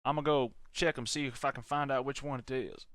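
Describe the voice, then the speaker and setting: A man's voice: medium pitch, fast, no echo, studio quality, natural voice. A man voicing a friendly rural hunter with a Southern accent, giving plain advice. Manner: folksy, relaxed, gives plain advice. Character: easygoing rural hunter man, helpful guide.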